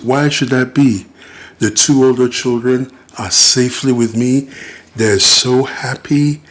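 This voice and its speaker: A man's voice: mid-range voice, fairly bright tone. A middle-aged British-born man and father, making an indignant, emphatic personal appeal to camera and acting out the voices he quotes. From Britain. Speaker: father and vlogger.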